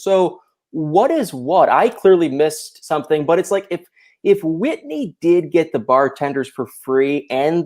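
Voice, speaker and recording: A man appearing as a guest on a video call, talking casually in an animated, opinionated way and often restarting his sentences. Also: fairly high pitch. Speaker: guest YouTuber. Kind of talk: casual chat.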